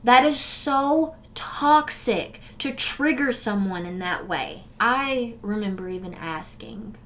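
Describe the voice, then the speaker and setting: A young adult woman with a voice on the high side speaks slowly and animatedly, sharing her own story directly with her viewers in an earnest, emotional way. She swings between forceful urging and soft, subdued recollection in this candid vlog. A little hiss or hum sits under the recording.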